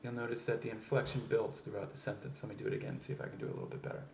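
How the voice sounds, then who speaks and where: A man teaching pronunciation as an accent coach, explaining step by step with many "um" pauses and spoken demonstrations. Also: medium pitch, level tone, darkish tone, slight background noise. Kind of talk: instructional video lesson. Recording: echoey room, faint ambience.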